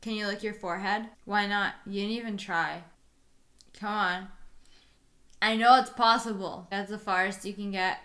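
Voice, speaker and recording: Bright, playful young woman host. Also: mid-range voice, fairly even intonation. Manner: playful teasing, quick laughs. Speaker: video host chatting with strangers. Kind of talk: casual chat on a webcam.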